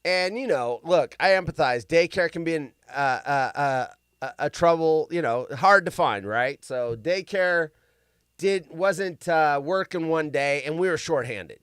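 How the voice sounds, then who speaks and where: A man hosting a live show in casual chat, rambling and often bursting into yelling. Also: on the high side, a little slow, smooth, dry recording, clean studio sound. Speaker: podcast host.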